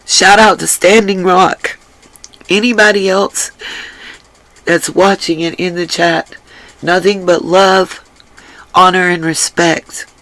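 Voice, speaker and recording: A woman hosting a casual livestream and reading the chat aloud, drained, her voice rough from crying, earnest and emphatic and given to repeating herself. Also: fairly low pitch, steady tone, takes it slowly, pauses often, a bit bright, no echo, rough recording. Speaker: livestream host.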